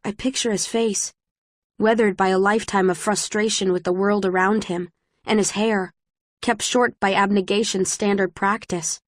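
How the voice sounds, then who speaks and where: A woman reading a novel aloud in first person, in a steady, measured way. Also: mid-range voice, no echo, clean studio sound. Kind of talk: first-person audiobook narration.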